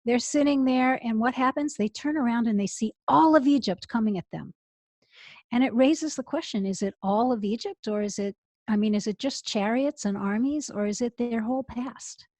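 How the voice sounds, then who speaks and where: A middle-aged woman rabbi tells a story with rising passion, her voice sitting a little high. The sound is close and dry, picked up by an earphone mic on a remote call. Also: moderate pace, no room sound. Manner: expressive, builds to emotional peaks. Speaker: rabbi, interview guest. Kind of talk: storytelling in an interview.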